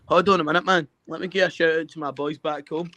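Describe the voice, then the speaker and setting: Brash, bright-voiced Glaswegian man. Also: on the high side, steady tone, quick pace, dry recording. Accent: Glaswegian Scottish. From Scotland. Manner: brash, profane, taunting. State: tipsy. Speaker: call-in guest. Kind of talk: rowdy comedy podcast banter.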